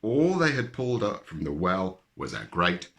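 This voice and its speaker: A man reading a children's story aloud with lively, expressive narration. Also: low voice, normal speed.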